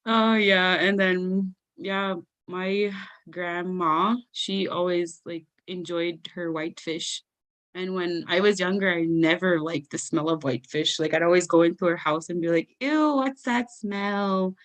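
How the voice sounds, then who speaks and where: Young woman telling family stories at a storytelling event, lots of laughing, chatty and lively. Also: fairly low pitch, unhurried. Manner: animated, laughs often, acts out family members in raised voices. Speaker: guest storyteller. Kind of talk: personal storytelling at a live event.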